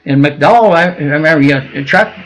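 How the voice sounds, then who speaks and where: A man's voice: on the high side, brisk, a little hiss or hum, poor audio. Older man rambling through old stories. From Minnesota. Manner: rambling with frequent fillers and restarts. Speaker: guest, veteran. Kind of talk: casual storytelling interview.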